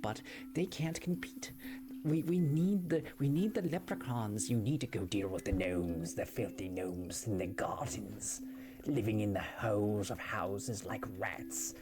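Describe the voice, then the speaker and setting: A woman improvising as a pompous village quest-giver, speaking mock-formally with an attempted Irish accent that drifts into British, restarting her phrases as she rambles. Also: extremely low pitch. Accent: attempted Irish slipping into British. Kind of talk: improvised role-play on a livestream.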